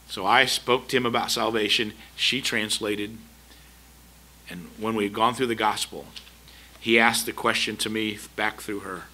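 Bright-voiced male pastor preaching. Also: lowish voice, fairly even intonation, normal speed. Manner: emphatic preaching with repeated rhetorical questions. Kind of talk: sermon. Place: church sanctuary.

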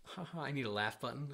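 A man's voice: mid-range voice, vocal fry, a bit bright. A man teaching guitar on a casual livestream, chatty, rambling and self-deprecating.

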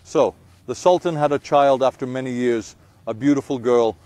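A man telling a spiritual story, moving between hushed passages and emphatic exclamations. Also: medium pitch, normal speed.

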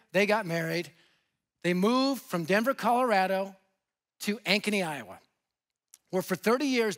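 A man preaching as a guest, telling stories with animation and swinging between loud and hushed delivery. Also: high-pitched. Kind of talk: sermon storytelling.

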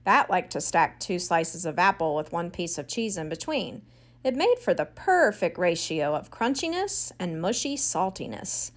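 A woman narrating a children's audiobook in a clear, expressive storytelling voice. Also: on the low side, normal speed.

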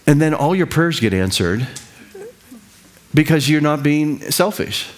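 A middle-aged man preaching a sermon, talking in a casual, conversational way with repeated phrases and quick asides. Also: on the high side, animated. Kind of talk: sermon teaching.

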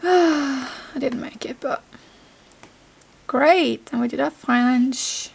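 A young woman vlogging casually while sick with a fever, talking softly and often dropping to a whisper. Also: high voice, slow, vocal fry, slightly rough. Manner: soft, tired, often drops to a whisper. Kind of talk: casual vlog chat.

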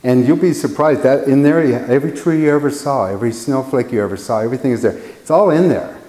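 This painting teacher has a warm, mid-range voice and a quick pace. He rambles casually through his lesson, telling stories and voicing the quotes himself, all in a reverberant hall.

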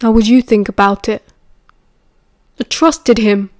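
A woman's voice: on the high side, unhurried, lightly acted. A woman with a British accent voicing an agitated young man, in tense, clipped outbursts. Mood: distraught.

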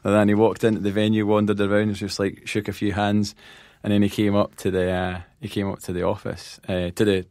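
A Scottish man, a band manager and podcast guest, telling lively anecdotes in casual chat, acting out quotes and laughing often. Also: lowish voice, fairly quick, hardly any pauses, dry recording.

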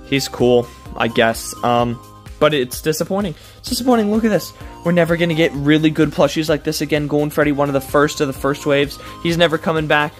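A man with a fairly high voice talks through a toy unboxing in a loose, casual review. He rambles, restarts his sentences and leans on fillers, swinging between gushing and grumbling disappointment. Faint music plays softly underneath. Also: steady tone, a little fast. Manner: gushing then letdown and complaining.

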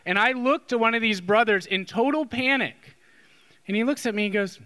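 High, bright-voiced priest in a reverberant church. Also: male voice, normal speed. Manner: conversational, with frequent "okay?" tag questions. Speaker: Catholic priest. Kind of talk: sermon. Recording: long reverb of a church hall.

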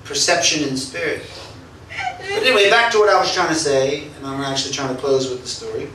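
High, bright-voiced male pastor, echoey hall. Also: a little fast, slight background noise. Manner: animated, laughing often while telling stories. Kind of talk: sermon with personal storytelling. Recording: echoey church hall, mic at a distance.

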